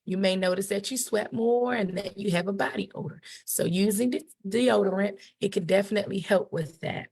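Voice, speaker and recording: Middle-aged woman educator, warm-hearted coaching delivery, slightly raspy with some vocal fry. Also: medium pitch, moderate pace, few pauses. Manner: animated, encouraging, acts out quotes. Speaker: educator presenting a puberty book. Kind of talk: teaching talk to parents and kids.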